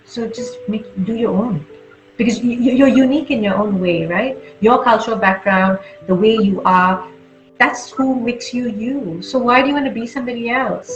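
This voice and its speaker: A woman with an Australian accent giving blunt, energetic advice as an interview guest, often restarting her sentences. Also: on the high side, moderate pace. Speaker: guest speaker. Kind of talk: conversational interview. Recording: muffled roomy sound with music.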